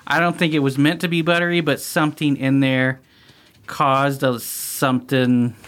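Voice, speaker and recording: A man's voice: mid-range voice, level tone, normal speed, a bit bright. A man co-hosting a podcast, chatting casually with wry asides. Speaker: podcast co-host. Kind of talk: casual chat.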